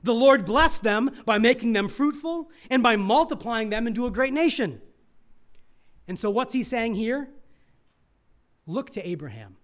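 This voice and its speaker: A middle-aged male pastor preaching a sermon, asking the congregation questions and swinging from loud emphasis to near hushed asides. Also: extremely high pitch, lively intonation, unhurried, pauses often.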